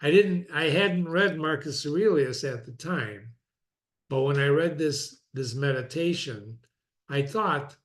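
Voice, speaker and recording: A man reading classic philosophy aloud and commenting on it, reflective and conversational, often repeating phrases for emphasis. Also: fairly high pitch. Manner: reads quoted passages slowly and deliberately. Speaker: reader and teacher of classic philosophy.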